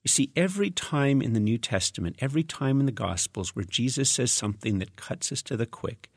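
A man's voice: medium pitch, lively intonation, brisk, husky, no echo, clean studio sound. A man preaching a reflective, conversational sermon, reading scripture aloud and explaining it with casual asides. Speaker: pastor.

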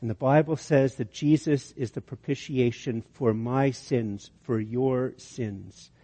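A man's voice: medium pitch, steady tone, slow, mellow, breathy edge. A man preaching a sermon, telling a long illustration with many restarts and building to emphatic peaks. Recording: dull sound with long hall reverb.

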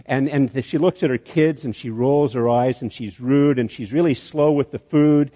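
Preacher telling a story in a reverberant hall. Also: male voice, mid-range voice, moderate pace, warm tone. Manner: storytelling with many restarts, building to emphatic peaks. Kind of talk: sermon. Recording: dull sound with long hall reverb.

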